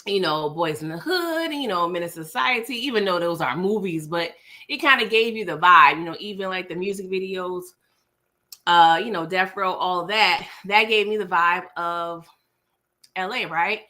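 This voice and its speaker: A woman's voice: lowish voice, moderate pace, sharp tone. Chatty East Coast woman, eating on stream. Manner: chatty, laughing, addresses viewers directly; chewing while talking. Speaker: livestream host. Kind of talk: casual livestream chat. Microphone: laptop mic.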